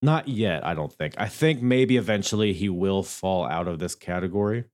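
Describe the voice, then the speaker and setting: A young adult man hosting a solo podcast, talking casually and thinking out loud with frequent fillers and restarts. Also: sits low, normal speed. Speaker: podcast host.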